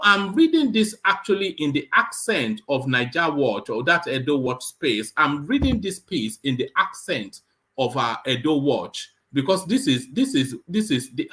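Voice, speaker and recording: A man hosting a live show, reading a news report aloud and breaking off with halting, sarcastic comments full of fillers. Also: on the high side, fairly bright tone. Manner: halting, many fillers and repeated words; sarcastic asides.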